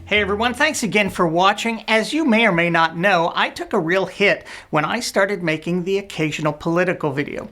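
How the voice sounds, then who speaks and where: A woman's voice: mid-range voice, fairly quick, few pauses, a bit bright, faint music behind. A woman hosting a web show, delivering a scripted satirical rant in a sarcastic, scornful, blunt manner. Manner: blunt, profane.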